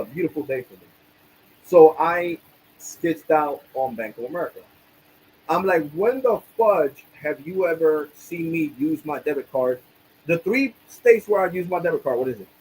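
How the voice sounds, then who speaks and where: A man venting on a livestream in an angry, profane rant full of street slang. His voice sits a little high for a man, and a faint hum of noise runs underneath. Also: a little mellow, rough recording. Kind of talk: ranting livestream.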